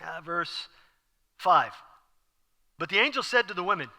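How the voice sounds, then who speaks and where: A man preaching an animated sermon as pastor, acting out scenes with sudden whispers and exclamations. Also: high-pitched, measured pace. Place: church sanctuary. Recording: church hall with long reverb.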